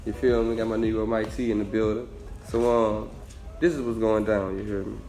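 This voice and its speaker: A man's voice: on the low side, fairly even intonation, brisk, darkish tone. A man hosting a casual show, laid-back and slangy, tagging lines with "you hear me". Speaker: show host. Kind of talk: casual chat. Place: indoor room on camera. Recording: roomy echo.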